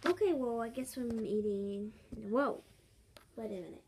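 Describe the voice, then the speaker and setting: A woman's voice: fairly high pitch, measured pace. A woman narrating a casual toy role-play, chatty and rambling with many fillers. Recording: noisy home recording with clicks.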